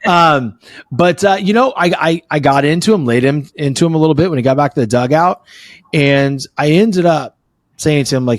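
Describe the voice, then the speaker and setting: A middle-aged man hosting a podcast interview, telling stories in quick animated bursts. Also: a little high, no echo, studio quality. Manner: animated storyteller, talks fast in bursts. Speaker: podcast host. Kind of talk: casual conversational interview.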